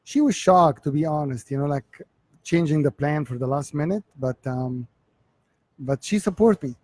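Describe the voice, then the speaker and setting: Speaking in a mellow voice on the high side, a man from Egypt in his forties shares his life story in an interview. His Egyptian accent is clear, and he pauses and repeats himself as he hunts for English words.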